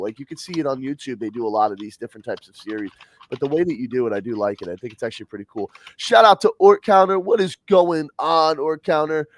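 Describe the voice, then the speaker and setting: A man's voice: on the high side, no echo, studio quality. A man hosting a casual livestream, upbeat and slangy, greeting viewers by name. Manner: upbeat, slangy, gives shout-outs. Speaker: livestream host.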